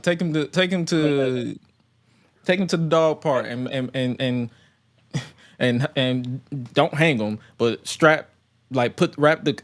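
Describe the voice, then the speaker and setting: A man co-hosting a casual chat, rambling and stumbling over repeated words. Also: medium pitch.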